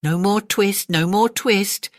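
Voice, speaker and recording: A woman voicing a chorus of tiny cheeky mice tailors in a high, twittering sing-song for a storybook reading. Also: takes it slowly, dry recording, clean studio sound, close to an everyday voice. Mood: singsong.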